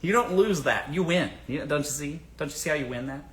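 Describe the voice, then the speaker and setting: A man from the American South hosts a casual livestream in a slightly high, fairly bright voice, talking animatedly and fairly quickly. He hands out blunt dating advice, swears freely, and poses rhetorical questions to his audience.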